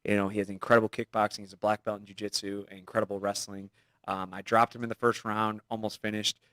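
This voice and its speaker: A man in his thirties, a fighter sitting in as guest, talks loose and quick in a casual interview. His voice is on the low side and rushes along. The studio recording is dry and close. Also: little pitch movement, fairly bright tone, no echo. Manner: rapid, loose, laughs easily.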